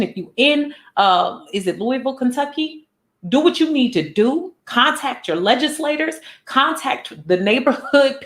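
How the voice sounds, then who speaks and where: A woman vlogger, speaking earnestly and emotionally, near tears, repeating lines for emphasis. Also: fairly high pitch. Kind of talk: emotional direct-to-camera vlog talk. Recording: roomy echo.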